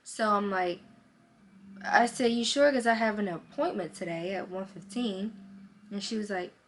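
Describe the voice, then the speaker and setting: A young woman telling a story to her vlog audience in a casual, animated way, acting out both sides of a conversation. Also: medium pitch, moderate pace, slight background noise. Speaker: vlogger.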